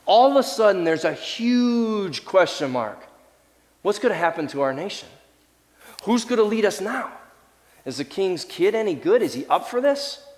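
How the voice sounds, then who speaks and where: A male pastor delivers a sermon with real animation, his fairly high voice rising and falling widely. The sound carries the long reverb of a large church sanctuary. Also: moderate pace. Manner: animated, acts out voices of people in the story.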